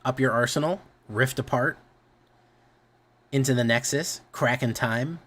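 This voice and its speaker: A man's voice: medium pitch, measured pace, fairly bright tone. A man streaming, chatting casually, rambling and often correcting himself, with a lot of swearing.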